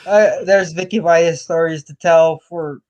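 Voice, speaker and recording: A man's voice: on the high side, fairly even intonation, measured pace, a little mellow, dull audio. A man appearing as a podcast guest who teases the hosts about their old antics. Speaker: podcast guest, former boss. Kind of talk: casual chat.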